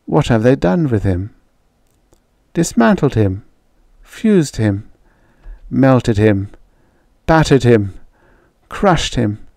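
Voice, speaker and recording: A man narrating a dark vintage short story in the first person, reading slowly and in a brooding, emotional way. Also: mid-range voice, sing-song, gravelly, dry recording. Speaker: audiobook narrator.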